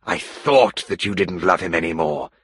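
A pushy gentleman suitor who presses his case slowly and earnestly, as a man acts him out. His voice is deep and very husky, and the recording is dry and close, like a storybook. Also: lively intonation, no echo, heavily acted. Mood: pleading.

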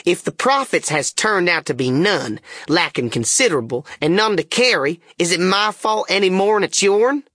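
A man voicing a blustering old male swindler who poses as a king, gruff and bullying, in an audiobook reading. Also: sits high, animated, a little slow, a bit bright, no room sound, clean studio sound, voice pushed up, heavily acted. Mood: snarling. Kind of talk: audiobook character voice.

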